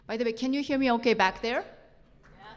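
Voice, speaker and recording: A woman's voice: a little high, normal speed. A woman with a Japanese accent giving a chatty, self-joking conference talk. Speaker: seminar speaker. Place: large conference hall. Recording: echoey hall reverb.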